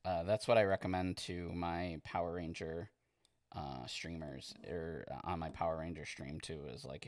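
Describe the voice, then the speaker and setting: A man streaming as he paints miniatures, chatting casually in a relaxed, rambling way and reading viewer comments aloud. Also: sits low, no room sound, clean studio sound. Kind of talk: casual livestream chat while painting.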